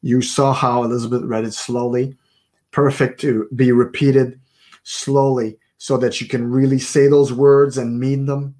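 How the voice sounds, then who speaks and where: Man talking with halting restarts. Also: medium pitch, flat delivery, a little mellow. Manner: hesitant, many fillers and restarts. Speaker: co-host. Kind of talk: casual chat on a Christian broadcast.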